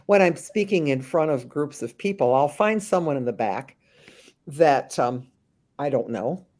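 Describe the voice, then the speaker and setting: A woman working as a memory care consultant, answering interview questions with lively acted-out anecdotes and frequent restarts. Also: sits low, unhurried. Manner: animated storyteller, slips into voices of the people she describes; frequent restarts and thinking aloud.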